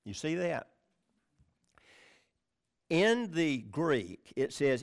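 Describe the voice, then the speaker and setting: A male pastor gives a conversational sermon teaching from the Bible, his voice a little high and sing-song, extremely slow, with long pauses. He reads scripture with stress on key words and often checks in with listeners, asking "all right?" and "okay?".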